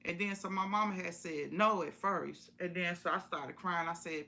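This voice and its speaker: A woman's voice: on the low side, fairly even intonation, moderate pace, pushed and bright. A woman telling a personal story in a casual, folksy way on a live stream, repeating phrases for emphasis.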